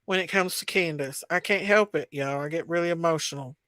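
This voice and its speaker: A woman's voice: sits low, fairly quick, fairly bright tone, no room sound, studio quality. A woman hosting a casual livestream, chatty and emotional as she greets viewers by name. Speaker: livestream host. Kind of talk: casual livestream chat reading comments.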